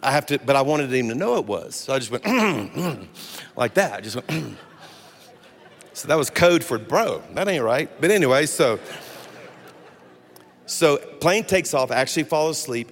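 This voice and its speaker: A man preaching as a pastor, telling a funny personal story in an animated way and breaking off to restart his sentences. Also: mid-range voice, a little fast. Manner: animated, humorous, self-interrupting storyteller. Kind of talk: storytelling sermon. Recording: long hall reverb with faint music.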